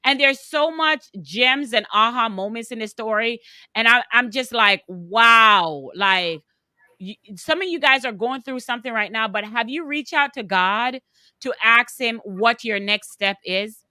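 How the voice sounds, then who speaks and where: A woman's voice: a little high, a little slow, sharp tone, clear, resonant tone, no echo, studio quality. A woman host and business coach who talks in an emphatic, preachy way and speaks straight to her listeners. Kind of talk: motivational interview talk.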